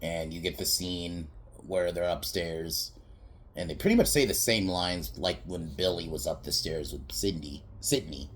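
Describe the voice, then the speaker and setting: This podcast host has a low-pitched, unhurried, fairly bright voice as he goes over a comedy movie. Casual and rambling, he laughs a lot, curses, and mimics scenes in a mocking way.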